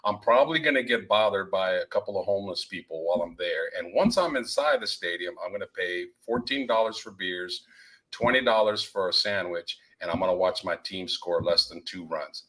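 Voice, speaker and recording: A man's voice: sits low, fairly quick, a bit bright, poor audio. A man, ranting in casual sports talk as a podcast co-host. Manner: exasperated ranting.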